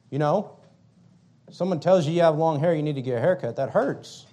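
Man preaching a fiery sermon, kinda high voice, repeats lines, gets loud then goes real low. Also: normal speed. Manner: emphatic, swings from loud to low, repeats phrases. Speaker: pastor.

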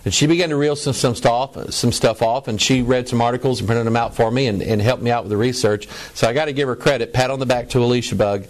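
A man's voice: mid-range voice, fairly even intonation, quick pace, few pauses. A middle-aged man preaching a lecture to a broadcast audience, stressing words by drawing them out and often repeating himself. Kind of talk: preaching lecture over images.

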